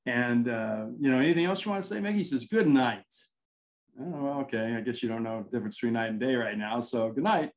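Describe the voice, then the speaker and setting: A man's voice: medium pitch, fast, few pauses, rough recording. Rambling man telling ghost stories. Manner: rambling, animated anecdotes with quoted dialogue. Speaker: paranormal investigator guest. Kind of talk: casual interview storytelling.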